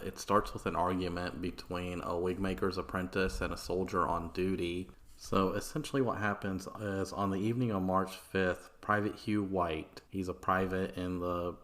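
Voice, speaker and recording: Deep-voiced casual podcast host. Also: male voice, fairly even intonation, normal speed, few pauses, a bit bright. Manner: casual, swearing, filler-heavy. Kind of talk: casual history storytelling.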